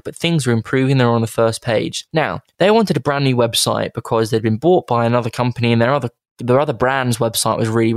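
A man's voice: medium pitch, gravelly, no room sound, clean studio sound. A man hosting a marketing podcast, talking in an enthusiastic, chatty and digressive way. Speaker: podcast host. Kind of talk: casual podcast monologue.

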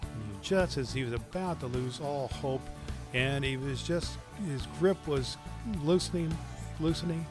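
Over music, a man with a mid-range voice speaks unhurriedly as host and doctor of an online course. His lesson is casual and rambling, full of fillers, restarts, jokes and stories.

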